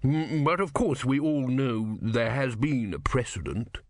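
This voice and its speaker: A man's voice: medium pitch, animated, unhurried, dry recording, studio quality. A man doing a hesitant, doubtful bishop.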